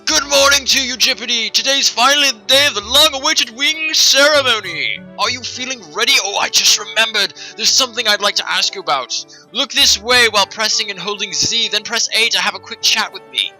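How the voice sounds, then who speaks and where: A man's voice: very high-pitched, brisk, few pauses, pushed and bright, faint music behind, pitched above the performer's own voice, full character voice, rough recording. A man voicing an eager, friendly young male knight trainee in a video game, cheerful and instructive.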